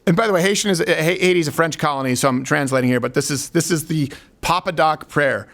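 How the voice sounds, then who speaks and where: A man's voice: fairly high pitch, quick pace, fairly bright tone. A man hosting a comedic talk show, joking and rambling. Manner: joking, rambling, laughs at his own stories. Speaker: host.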